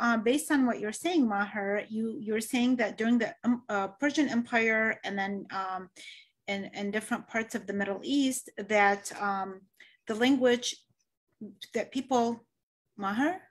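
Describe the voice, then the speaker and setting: Woman interviewer, fairly high voice, hesitant long questions. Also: a little slow.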